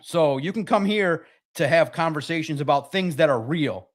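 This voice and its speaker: A man hosting a casual sports talk livestream, excitable and rambling, with a slightly raspy voice. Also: a little high, moderate pace. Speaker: podcast host.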